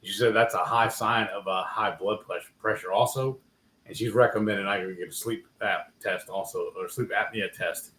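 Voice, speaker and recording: A man's voice: fairly low pitch, steady tone, moderate pace, fairly bright tone, reverberant, slight background noise, poor audio. A man hosting a casual livestream chat, rambling and correcting himself as he talks. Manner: rambling, self-correcting, trails off. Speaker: livestream host.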